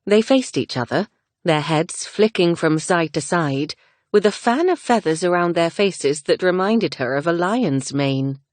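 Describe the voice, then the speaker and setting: A woman narrates a romance audiobook in a gentle, measured way. Her voice sits low, and the recording is dry and close with no room sound. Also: expressive, no echo. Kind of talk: scripted narration.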